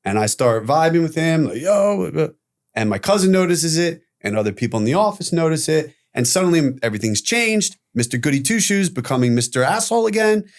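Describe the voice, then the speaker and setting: A middle-aged man telling his own story as a podcast guest, candid and animated, swearing freely. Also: on the high side, brisk, hardly any pauses.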